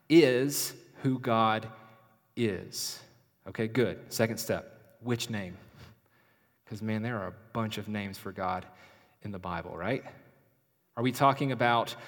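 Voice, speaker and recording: A male pastor preaching a sermon, swinging between loud urgent questions and soft, hushed phrases. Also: medium pitch. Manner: dynamic preaching, rising loud then dropping to near whisper. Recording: long hall reverb.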